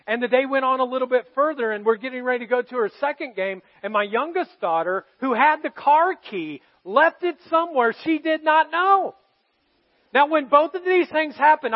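A male pastor preaching a sermon, telling personal stories earnestly and moving between loud emphasis and hushed moments. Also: very high-pitched, highs cut off. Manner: earnest, confessional storytelling to a congregation, swinging from loud to hushed.

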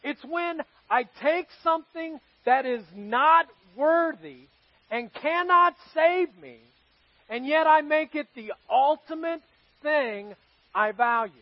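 A man's voice: very high voice, lively intonation, slow pace, dry recording, highs cut off. A man preaching a sermon to his congregation as pastor, telling stories in a conversational way and asking the audience questions. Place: church service with live congregation.

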